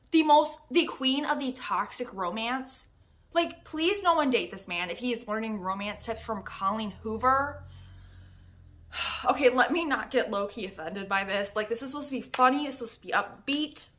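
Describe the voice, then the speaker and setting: A young woman giving a casual, animated book review, exasperated and laughing often. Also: fairly high pitch, normal speed, slight background noise.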